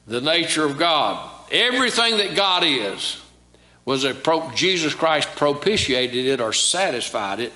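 Bright-voiced pastor preaching, echoey church. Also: male voice, fairly high pitch. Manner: preaching with call-and-response questions to the congregation. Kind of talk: sermon. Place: church sanctuary.

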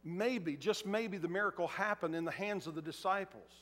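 A pastor delivers a relaxed, conversational sermon and slips into acted quotes. His voice is fairly high for a man. A long reverb from the big church auditorium trails each phrase. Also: moderate pace. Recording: echoey hall.

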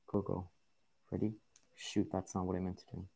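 A man's voice: sits low, completely flat delivery, moderate pace, creaky, warm tone, breathy edge. A man giving casual gameplay commentary, grumbling and swearing at the game in frustration. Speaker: gaming YouTuber.

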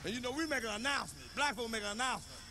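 A man with a high voice tells a profane stand-up story in short, punchy bursts. He shouts the quoted lines, and clear background noise runs under the recording. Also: big pitch swings, racing. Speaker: stand-up comedian.

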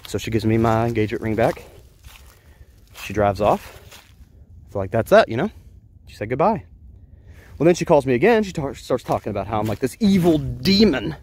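A man's voice: mid-range voice, sing-song, moderate pace, pauses often, a little mellow, a little hiss or hum. A man telling a personal story in an earnest, rambling way, often restarting his sentences. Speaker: vlogger.

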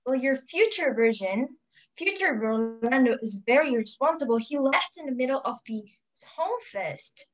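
High-voiced woman hosting a comic skit. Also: expressive, normal speed. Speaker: show host. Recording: dull, lo-fi audio.

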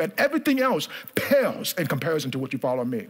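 High, lively-voiced male preacher. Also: quick pace, hardly any pauses. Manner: emphatic preaching with repetition, asks congregation for responses. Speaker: pastor. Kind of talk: sermon. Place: church.

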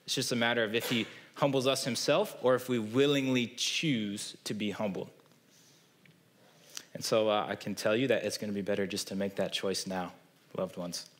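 A man's voice: on the low side, a bit bright. A man with a Midwestern American accent preaching a sermon in a church, earnest and conversational, often checking in with "right?". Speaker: pastor. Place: church sanctuary.

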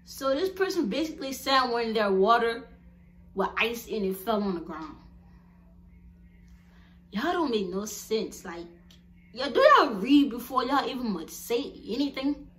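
A young woman vlogger chatting casually to her viewers, animated and blunt, laughing often as she tells stories. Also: on the high side, moderate pace.

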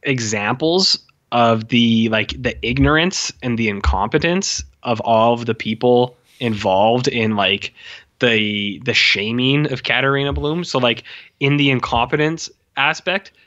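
Co-hosting a casual film review podcast, a man rambles through scenes and retells them animatedly, packing his speech with "like" and "uh." He speaks unhurriedly at medium pitch, with lo-fi sound.

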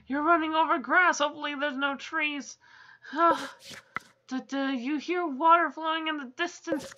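A woman's voice: high-pitched, moderate pace, pushed and bright, a little hiss or hum. A woman playing a game on video, reading its text aloud and breaking off with swearing and exasperated asides. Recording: game music under the voice.

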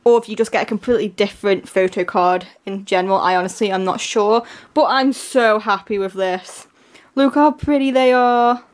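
A woman gushing excitedly through a casual unboxing, her voice strained and giving out. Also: medium pitch, moderate pace. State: voice giving out, coughing. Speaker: K-pop album unboxer.

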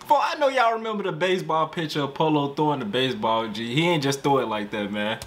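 Excitable man reacting to a music video. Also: a little high, fast talker. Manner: excitable, slangy, talks straight to viewers. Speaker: music reaction channel host. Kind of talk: casual reaction commentary.

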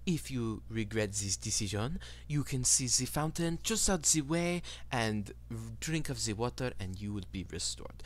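A man voicing a calm, polite male attendant who speaks in smooth customer-service phrases. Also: medium pitch, a little slow, few pauses, lightly acted. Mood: soothing. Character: smooth male attendant of an emotion-removing parlor.

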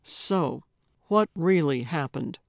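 A woman's voice: low voice, animated, slow, gravelly, no room sound, studio quality, pitched below the performer's own voice, heavily acted. Brief: exasperated stern lawman, read by a woman narrator, clipped. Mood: curt. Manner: curt, exasperated. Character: impatient, stern male deputy.

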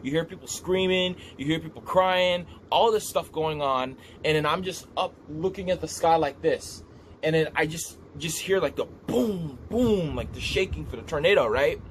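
A man telling a vivid dream story in a casual, animated way, repeating himself as he describes what he saw. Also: a little high, normal speed, slight background noise. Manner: animated, repetitive, gestures while describing. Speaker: vlogger recounting a dream.

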